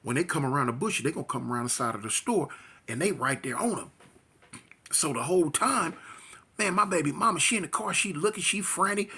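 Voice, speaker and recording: Raspy, animated man telling a street story. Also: a little fast. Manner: animated, slangy, sound effects like "boom".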